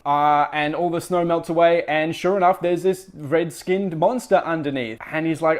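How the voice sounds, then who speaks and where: A man's voice: a little high, moderate pace. A man hosting a podcast, recapping a book in a casual, rambling way, full of fillers and wry asides. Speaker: podcast host.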